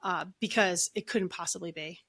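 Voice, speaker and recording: Middle-aged woman guest on a podcast, bright voice, rambly chatty storytelling. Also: lowish voice, normal speed, gravelly. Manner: chatty, lots of "like" and restarts. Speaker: guest, energy healer and author. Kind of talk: casual podcast interview storytelling.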